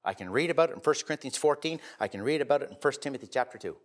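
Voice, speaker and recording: With an animated, mid-range voice moving very fast, a man delivers a sermon built around a personal story told conversationally. He drops to quiet, confiding tones and then surges into loud, emphatic bursts.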